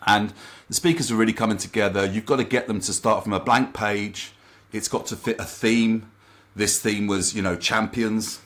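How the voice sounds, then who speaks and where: A man with a fairly low voice tells a work story as a guest coach in a relaxed interview. He talks in a lively, anecdotal way and slips into other people's remarks as he goes. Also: normal speed. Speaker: confidence coach and trainer.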